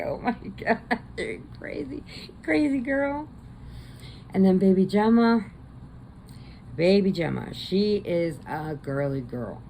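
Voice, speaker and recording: A middle-aged woman chatting casually as a crochet vlogger, telling family stories with animated quoted voices. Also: fairly low pitch, a little hiss or hum, rough recording. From American Midwest. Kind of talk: casual chat.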